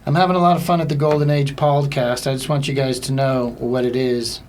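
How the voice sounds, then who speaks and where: A young man hosting his own comedy podcast, talking loosely and rambling with plenty of filler words. He is self-deprecating and offhand, in a medium-pitched voice, with a faint hiss in the background. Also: level tone, fairly quick, a little mellow. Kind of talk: casual solo podcast monologue.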